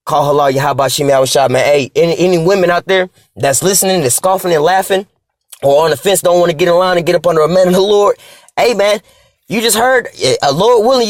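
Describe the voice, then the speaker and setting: A man's voice: sits high, fairly quick, no echo, clean studio sound. A man ranting casually in a vlog, preachy and profane, ending nearly every line with "man". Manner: profane and repetitive, tags lines with "man"; preachy, scripture-quoting. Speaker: vlogger reading articles aloud. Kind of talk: casual spoken rant.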